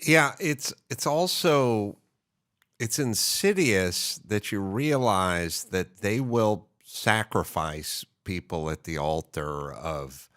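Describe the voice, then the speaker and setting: A man's voice: on the low side, animated, slow pace, a bit bright. A man hosting an unscripted interview, talking in a wry, anecdotal storytelling way. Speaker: podcast host, interviewer.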